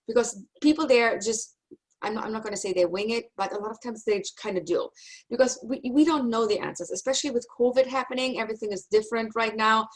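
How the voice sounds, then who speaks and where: A woman's voice: medium pitch, poor audio. A middle-aged woman with a German accent, who grew up in Germany, giving an online university lecture in a chatty, reassuring, self-deprecating way over a video call. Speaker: university instructor. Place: home office on a video call.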